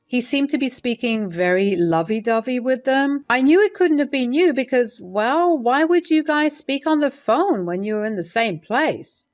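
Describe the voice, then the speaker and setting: A woman's voice: on the high side, expressive, normal speed, hardly any pauses, voice pushed up, lightly acted. A woman voicing a caring middle-aged mother-in-law who speaks hesitantly and soothingly while reading a story's dialogue. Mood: concerned.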